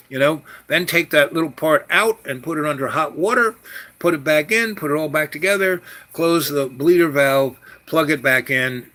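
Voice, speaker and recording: A man's voice: a little high, a bit bright. An older man telling a personal story in a casual, rambling way, full of fillers and restarts. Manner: rambling, frequent fillers and self-corrections.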